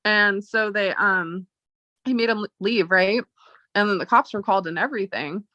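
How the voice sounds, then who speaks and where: A woman's voice: mid-range voice, moderate pace, sharp tone, no echo. A woman vlogging, telling a personal story in a casual, chatty way full of "like" and retold dialogue. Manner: chatty, full of "like" and quoted retellings. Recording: dull lo-fi audio.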